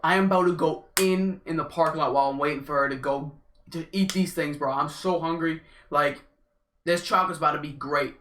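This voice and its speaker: A young man telling a casual story on his vlog, animated and slangy. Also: on the high side, fairly quick. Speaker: vlogger. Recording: echoey room.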